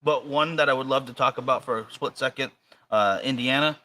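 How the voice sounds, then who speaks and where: A man's voice: mid-range voice, fairly quick, pushed and bright. A man with an American accent co-hosting a podcast in casual chat, rambling and hesitant with many fillers and restarts. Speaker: podcast co-host.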